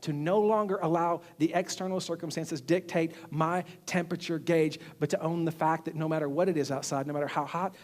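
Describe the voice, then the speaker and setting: High-voiced guy pastor giving a sermon, animated, loud then quiet. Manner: animated, swings between loud emphasis and quiet asides. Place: church sanctuary.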